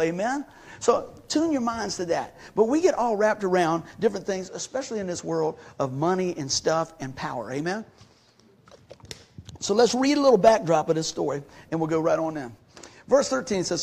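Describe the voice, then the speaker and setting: Pastor guy preaching, husky and kinda high-voiced, folksy, acts out little conversations. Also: brisk. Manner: folksy, animated storytelling with acted-out dialogue. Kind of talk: sermon.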